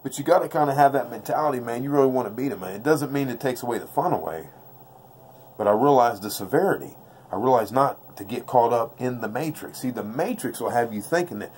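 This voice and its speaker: A man's voice: mid-range voice, expressive, quick pace, darkish tone, slight background noise. A man giving a casual, slangy dice-throwing tutorial in a blunt, intense way, repeating his points off camera. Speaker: craps dice-control instructor. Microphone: off-camera voice, face never shown.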